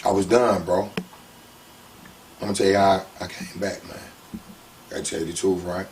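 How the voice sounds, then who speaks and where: A man in a casual interview telling his story in an animated, slangy way. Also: sits low, normal speed, recorded from a distance, a little hiss or hum. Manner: animated, slangy, heats up when retelling conflicts.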